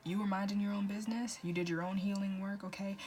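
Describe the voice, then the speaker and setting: A woman doing a casual tarot reading, talking in an animated, repetitive way with swearing and stumbles. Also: mid-range voice, fast talker, slight background noise. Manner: animated, repetitive, profane, often restarting words. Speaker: tarot reader.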